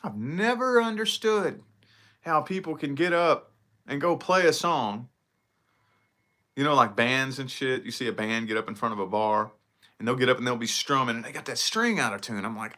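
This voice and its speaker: A man's voice: mid-range voice, expressive, normal speed, bright, forceful tone. A man talking casually to camera in a solo vlog, rambling and swearing freely as he picks apart his own habits. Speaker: vlogger.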